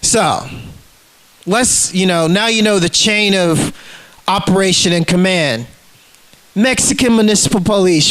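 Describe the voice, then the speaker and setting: A man's voice: high voice, unhurried, long pauses, a bit bright, poor audio. A man ranting casually to the camera, heated and profane, acting out the people in his stories. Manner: profane, heated, acts out quotes in scenes.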